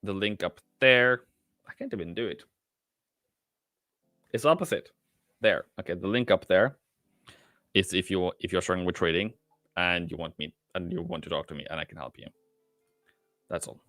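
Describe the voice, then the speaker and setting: A man's voice: low-pitched, moderate pace, pauses often, bright, forceful tone, no room sound, clean studio sound. A man hosting a live trading stream, thinking aloud with many fillers and answering the chat in casual commentary. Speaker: livestream forex trader and host.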